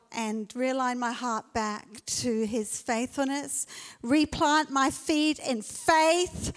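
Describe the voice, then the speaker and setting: High-voiced woman preaching in a hall. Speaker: pastor. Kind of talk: sermon. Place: church auditorium. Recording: long church hall reverb.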